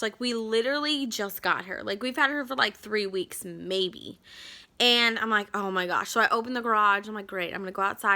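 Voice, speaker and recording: Bright chatty young woman vlogging, lots of likes, kinda high voice. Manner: chatty, animated, lots of "like" fillers. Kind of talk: casual storytelling to camera.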